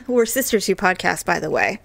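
A woman's voice: medium pitch, big pitch swings, measured pace, creaky. A woman co-hosting a podcast in casual chat, candid and self-deprecating, often giggling. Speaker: podcast co-host.

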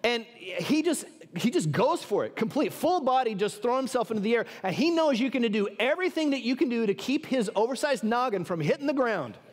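High-voiced man preaching a sermon. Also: fairly quick, few pauses, in a large hall. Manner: lively storytelling with humor, calls for audience response. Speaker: pastor.

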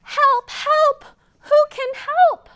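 A woman voicing a panicky little duck stuck in the mud, crying for help in a high, pleading squeal. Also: steady tone, very slow, pushed and bright, exaggerated voice.

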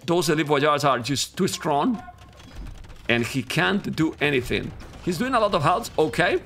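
Male esports caster, Spanish accent, native Spanish speaker, high and sharp voice, excitable, yells at players. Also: unhurried, slight background noise. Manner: excitable, talks to viewers as guys, bursts into yelling at players. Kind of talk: live game commentary.

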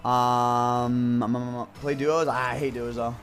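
A young man streaming a game, frustrated and ranting, with lots of swearing, dropping from low mutters to loud yells. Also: steady tone, moderate pace, soft background music.

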